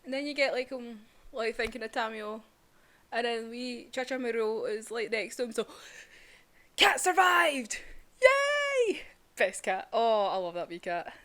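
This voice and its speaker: A young woman gushing excitedly through a casual manga chapter review, full of fillers. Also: on the high side, normal speed.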